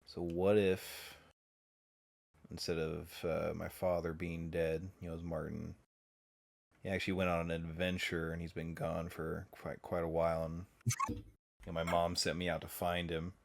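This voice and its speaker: A man's voice: deep voice, monotone, moderate pace, gravelly. A young man playing a tabletop game over voice chat, talking hesitantly with many fillers. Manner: hesitant, full of filler words. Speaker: player.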